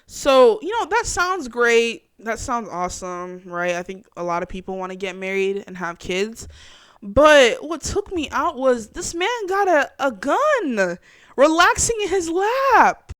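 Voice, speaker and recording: A young woman hosts her own casual chat show, reacting to clips in an animated, slangy way. She laughs often and talks to her viewers directly. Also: on the high side, a little slow, no echo, studio quality. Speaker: podcast host.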